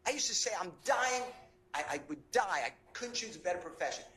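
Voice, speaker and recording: A man's voice: sits high, expressive, racing, sharp tone, faint music behind. Impassioned man in an echoey courtroom. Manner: impassioned, indignant, pleading. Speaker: defense attorney. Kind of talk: courtroom argument. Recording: echoey courtroom recording, faint noise.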